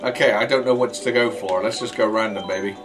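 A man's voice: on the low side, steady tone, quick pace, low-quality recording. Jokey man commenting on gameplay over game music. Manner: jokey, self-mocking, stumbling over words. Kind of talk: casual let's play commentary.

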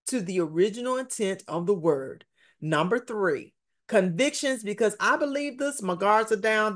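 Brief: woman preacher, slow deliberate delivery, emphatic, repeats lines for weight. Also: medium pitch. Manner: emphatic, repeats key phrases, numbered points. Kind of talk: sermon.

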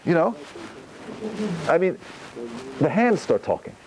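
Animated rabbi, lively lecturing man. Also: a little high, slow, slight background noise, rough recording. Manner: animated, gestures while talking, asks and answers own questions. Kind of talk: Torah lecture on prayer.

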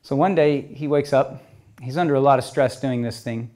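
A middle-aged man telling a story at a talk, lively, moving between loud and soft passages. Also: medium pitch, normal speed. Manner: lively storyteller, swings loud and soft, acts out quoted voices. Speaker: speaker telling stories at a talk.

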